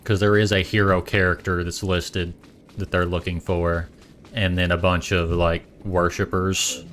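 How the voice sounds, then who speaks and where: A man's voice: sits low, little pitch movement, measured pace, fairly bright tone, slight background noise. A man with a Boston accent chatting casually on a stream, rambling and correcting himself as he goes. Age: adult parent.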